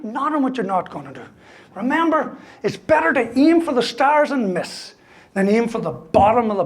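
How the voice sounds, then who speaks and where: A man, giving a humorous motivational talk full of stories, punchy jokes and a constant "right?" tagged onto his lines. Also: extremely high pitch. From Ireland. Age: 50s. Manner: storytelling, punchy jokes, keeps tagging "right?". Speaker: motivational speaker. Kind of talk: humorous keynote speech.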